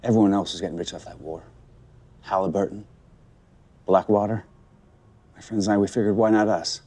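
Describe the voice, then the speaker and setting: A man plays a former contractor who now lends money on the side. His voice is low and mellow. He answers in a defensive, matter-of-fact way. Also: fairly even intonation, brisk, close to an everyday voice. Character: defensive male ex-contractor turned loan shark.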